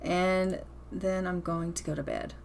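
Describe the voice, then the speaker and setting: A woman's voice: on the low side, steady tone, measured pace, vocal fry, voice pushed down. A woman voicing a sulky, blunt teenage girl character in a life-sim game, curt and dismissive.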